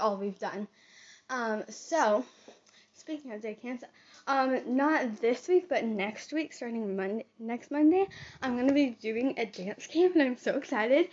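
A teenage girl talks through a casual vlog life update, rambling and full of fillers. Her voice sits high. The recording sounds a bit dull and lo-fi. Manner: chatty, rambling with many fillers. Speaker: vlogger. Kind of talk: casual chat. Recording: dull lo-fi audio.

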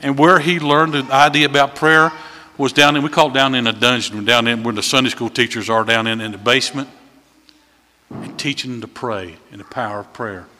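A man preaching a sermon in a folksy storytelling way, voice swelling louder at key points. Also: medium pitch, steady tone, a little fast, slight background noise. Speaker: visiting preacher. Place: church sanctuary. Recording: long hall reverb.

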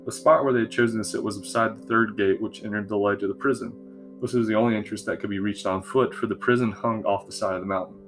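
Man narrating a fantasy story slowly. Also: fairly low pitch, fairly even intonation. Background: soft guitar music.

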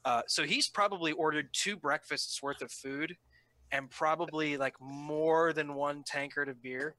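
A man's voice: on the high side, unhurried, poor audio. A man playing a tabletop game, chatting casually and at length about his character. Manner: relaxed, talkative, explaining his character. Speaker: player.

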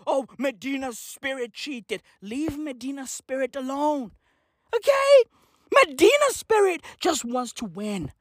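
High, animated comic ranter, shouts then mutters, dry close mic. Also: dry recording. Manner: manic, profane, swings between shouting and muttering. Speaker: comedian. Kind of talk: comedic rant.

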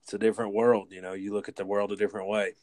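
A man's voice: lowish voice, flat delivery, racing, darkish tone. A man in casual conversation, teasing his co-host and pressing him with questions. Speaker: podcast co-host. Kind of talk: casual chat.

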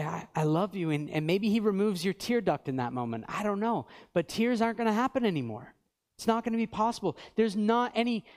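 A man in his thirties preaching a sermon as pastor, reading scripture with emphasis and swinging between fervent peaks and quiet lows. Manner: earnest, builds to fervent peaks then drops quiet; reads scripture aloud with emphasis.

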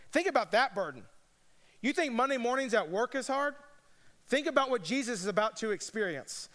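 A man's voice: very high voice, a bit bright. A man preaching a sermon as pastor, earnest but conversational, with casual asides. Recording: long reverb of a large hall.

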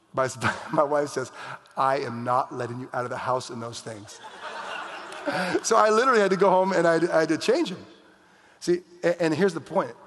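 Middle-aged American male pastor, fairly high voice, humorous sermon delivery, hall reverb. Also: fairly bright tone. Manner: preaching with jokes and mock outbursts. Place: church hall.

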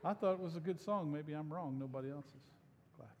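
A man's voice: a little high, fast, a little mellow, in a large hall, a little hiss or hum. A male pastor giving a conversational, joking sermon that coaxes his congregation to join in. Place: church sanctuary.

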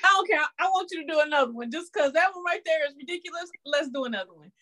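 A woman's voice: sits high, rapid-fire, pushed and bright. A woman co-hosting a casual chat, teasing and blunt, laughing often.

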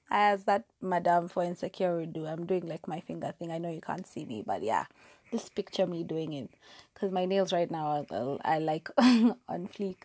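Her voice sits on the low side with a darkish tone, and she talks briskly on a dry recording. A young woman hosting a solo podcast from her bedroom, she chats casually, teases herself, and restarts often amid fillers, using a lapel mic clipped to her hair.

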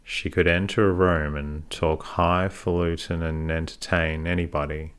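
A man's voice: deep voice, level tone, measured pace, a bit bright, clean tone. A man reading as a stern scolding old woman. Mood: withering. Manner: withering, sniffing, plain-spoken rural speech. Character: stern older woman scolding a girl in folksy dialect. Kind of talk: audiobook reading.

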